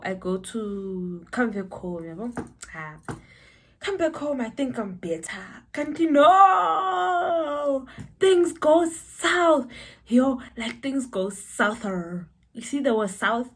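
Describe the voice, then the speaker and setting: A young South African woman telling a personal story to camera, animated and breaking into high exclamations. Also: unhurried, a little hiss or hum. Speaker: vlogger.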